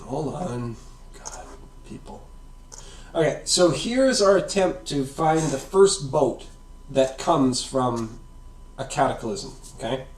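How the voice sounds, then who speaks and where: A man's voice: medium pitch, slow, a little hiss or hum. A man giving a casual, rambling science explanation, often checking in with "right?" and "okay?". The sound is roomy and comes from away from the mic. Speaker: science video host. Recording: roomy echo, far from the mic.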